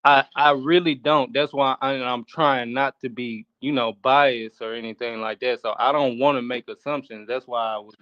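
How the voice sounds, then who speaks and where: Male debater, measured and cautious, lo-fi dull sound with no room. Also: mid-range voice, steady tone, no echo. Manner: careful, hesitant, restarts often. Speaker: debate participant. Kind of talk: debate, calm and hedging.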